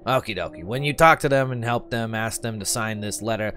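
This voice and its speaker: A man voicing a smooth-talking demon boss who runs a corporate office, with a New York accent and a breezy, fatherly, encouraging manner. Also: lowish voice, fairly quick, fairly bright tone, soft background music, voice pushed up, natural voice.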